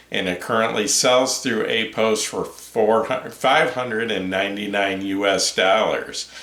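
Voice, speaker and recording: A man hosting his own headphone review channel, talking through a new amp in an unhurried, hesitant way with many ums and uhs. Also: fairly low pitch, pushed and bright, roomy sound. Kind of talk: casual product review talk.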